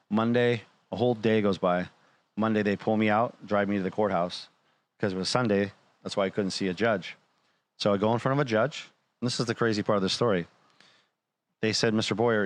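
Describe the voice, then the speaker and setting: Low-pitched man, casual storyteller, acts out the dialogue, talk-show guest. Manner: animated, quotes others in dialogue.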